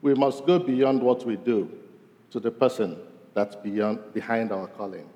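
A man preaching a sermon as pastor, his voice rising to stress points and falling low at the end of each. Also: a little slow, lo-fi sound. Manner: animated, voice rising for emphasis and dropping low at ends of points. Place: church sanctuary. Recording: long reverb of a large hall.

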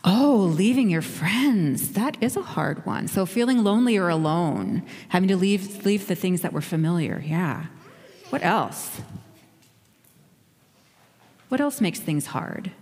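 A woman's voice: fairly low pitch, expressive, measured pace, a little mellow, breathy edge. A woman leading a playful, encouraging children's talk in a church, asking the kids questions. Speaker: children's message leader. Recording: echoey hall.

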